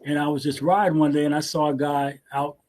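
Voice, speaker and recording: A man's voice: on the high side, flat delivery, fairly quick, darkish tone. A man in his sixties, a martial arts teacher and guest, telling stories in a casual interview in a laid-back way, often repeating words as he restarts.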